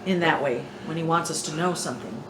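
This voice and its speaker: Soft-spoken woman, echoey room. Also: low-pitched, quick pace. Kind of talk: casual faith discussion. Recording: echoey room, faint noise.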